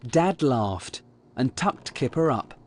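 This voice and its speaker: A man reading a children's picture book aloud in a slow, lively storytelling manner. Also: mid-range voice, a little hiss or hum. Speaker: storybook reader.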